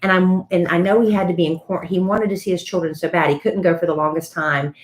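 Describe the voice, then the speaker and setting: A woman's voice: lowish voice, fairly even intonation, fast. A woman co-hosting a podcast, chatting casually and telling celebrity gossip like a story. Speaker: podcast co-host. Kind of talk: casual chat.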